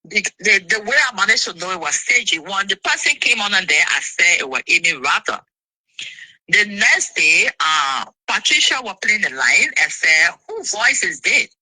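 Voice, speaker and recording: A woman, an interview guest telling her side of a dispute in an indignant, animated way. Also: on the low side, normal speed, husky, no echo, low-quality recording.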